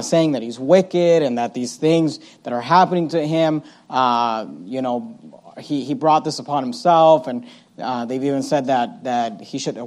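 A man preaching an evening Bible sermon, conversational, with many fillers and restarts, reading verses slowly and then putting them in everyday words. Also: sits high, a little mellow. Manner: reads scripture slowly and paraphrases it in everyday speech.

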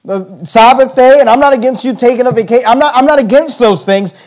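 A man preaching a sermon, slowing down on key words and often repeating himself as he makes his points. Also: very high-pitched, a little mellow. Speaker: pastor.

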